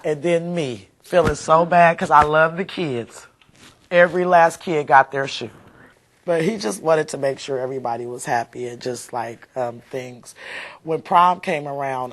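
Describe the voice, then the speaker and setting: A woman, a mother being interviewed, talking heartfelt and rambling with many fillers. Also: deep voice. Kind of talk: emotional interview recollection.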